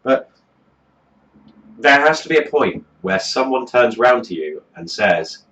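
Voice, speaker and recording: A man's voice: medium pitch, animated, measured pace, pauses often, a bit bright, dull audio. A man delivering a profane comedic rant as a music review host, swearing constantly in a mocking, exasperated way.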